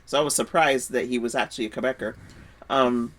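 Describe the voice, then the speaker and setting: A woman with a low voice talks casually as a podcast co-host. She chats in an animated way and often restarts her sentences. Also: brisk, heavy background noise. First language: French speaker. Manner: chatty, animated, with frequent restarts. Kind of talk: casual chat about a soap opera.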